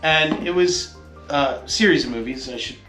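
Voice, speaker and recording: A man co-hosts a casual podcast chat, joking, animated and quick to swear. His voice sits a little high. The room is echoey, and faint music plays underneath. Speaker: podcast co-host.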